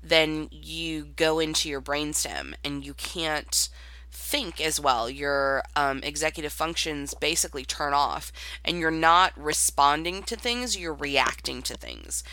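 Bright, emphatic voice in podcast chat. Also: medium pitch, animated, unhurried, no echo. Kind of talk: casual podcast conversation.

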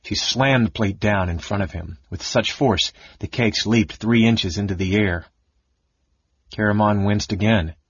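A man reads a fantasy novel aloud in an expressive, steady way. His voice is low and husky, and the recording is dry and slightly dull, like an older lo-fi audiobook. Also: measured pace, no echo. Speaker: audiobook narrator. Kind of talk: dramatic fantasy audiobook narration.

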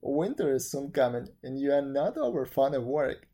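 Man playing a mild, good-humored storybook neighbor, husky warm tone. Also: medium pitch, animated, normal speed, lightly acted. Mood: amused. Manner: mild, forgiving, hearty laughter. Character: calm, kindly, laughing man Lin.

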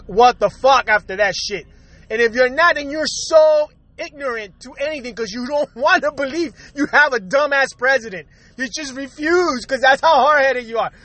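High, bright-voiced man ranting. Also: no echo. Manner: profane, exasperated ranting with frequent repetition. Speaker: podcast host. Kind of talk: solo rant podcast.

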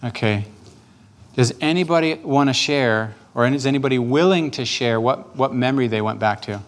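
Gentle pastor guiding a prayer. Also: male voice, medium pitch, moderate pace. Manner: gentle, patient, repetitive coaching. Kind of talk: guided prayer sermon.

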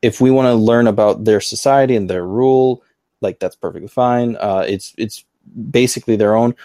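A man's voice: on the low side, normal speed, warm tone, no room sound, clean studio sound. A man co-hosting a live podcast, chatting casually and thinking aloud with eager restarts. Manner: enthusiastic about the topic. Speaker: podcast co-host.

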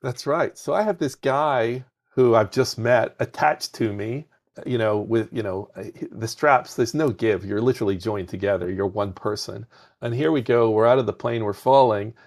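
A man, a podcast guest, telling animated anecdotes with a softened foreign accent, often repeating words as he starts sentences. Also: mid-range voice, normal speed. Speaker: podcast guest, game industry founder. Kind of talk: conversational storytelling.

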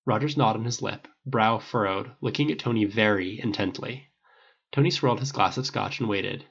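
A man narrating fan fiction aloud in a steady, measured way. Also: lowish voice, vocal fry, husky, lo-fi sound. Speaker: audiobook reader.

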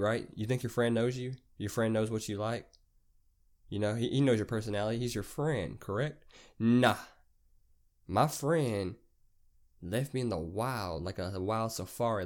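Young man, low voice, casual podcast monologue, rambling and profane, heavy slang. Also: a little mellow. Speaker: podcast host.

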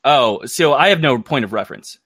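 A man's voice: medium pitch, animated, fairly bright tone, no room sound. An American man co-hosting a podcast in casual, rambling chat, often stopping to restart his sentences and joke. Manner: rambling, self-interrupting, quick to joke. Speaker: podcast co-host.

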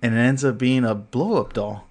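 A man's voice: mid-range voice, moderate pace, a little mellow. A man co-hosting a podcast, telling a story in casual chat, full of fillers, swearing and laughter, acting out what others said. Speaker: podcast co-host.

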